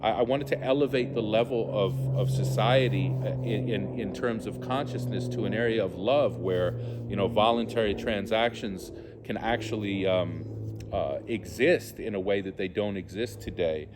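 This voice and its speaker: Earnest low-voiced man. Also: moderate pace, over loud music. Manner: earnest and heartfelt, searching for words. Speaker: theologian and musician. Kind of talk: personal spiritual testimony.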